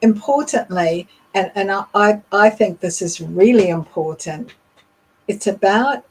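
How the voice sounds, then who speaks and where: A middle-aged woman leadership coach teaching voice techniques in a deliberate, demonstrative way. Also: on the low side, darkish tone, rough recording. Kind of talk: instructional talk.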